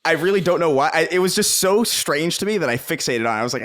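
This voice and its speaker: An American man chats on a podcast in an ordinary mid-pitched voice, tripping over fillers and restarts as he works through a thought. His tone is wry and conversational. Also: lively intonation, a bit bright. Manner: halting, filler-heavy, wry. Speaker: podcast co-host. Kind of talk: casual chat.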